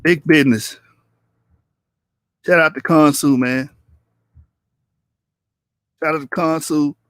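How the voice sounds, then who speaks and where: A man's voice: on the high side, steady tone, takes it slowly, a bit bright, clean tone, no room sound, studio quality. Chatty, teasing man hosting a livestream. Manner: loose, chatty, teasing, laughs often; addresses viewers in the chat directly. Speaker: livestream debate host. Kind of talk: casual livestream commentary.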